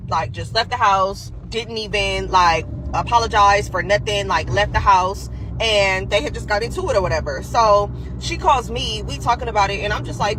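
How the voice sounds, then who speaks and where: A woman's voice: medium pitch, moderate pace, hardly any pauses. A woman telling a gossip story in a blunt, profane way, acting out what people said. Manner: blunt, profane, retells dialogue in voices. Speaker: storyteller in a played clip. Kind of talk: casual storytime. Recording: outdoor clip with traffic noise.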